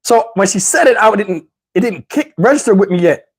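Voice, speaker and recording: A middle-aged man vlogs a story to the camera in a casual, animated manner, using slang, swearing and laughing. His voice is high, husky and brisk.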